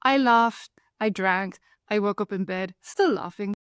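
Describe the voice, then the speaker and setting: A woman from Africa, telling a personal story in a wry, lively way. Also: medium pitch, a little slow, clear, resonant tone, dry recording, studio quality. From South Africa. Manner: lively, wry, acts out the people in her stories. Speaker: author and storyteller.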